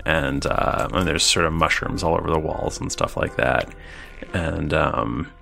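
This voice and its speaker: A man's voice: rumbling low, measured pace, vocal fry, pushed and bright, soft background music. A man running a tabletop game as game master, narrating hesitantly with many fillers.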